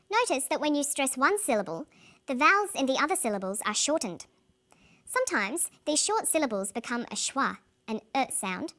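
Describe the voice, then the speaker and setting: A woman presenting an English pronunciation lesson in a clear, carefully paced scripted delivery. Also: high-pitched, bright, forceful tone.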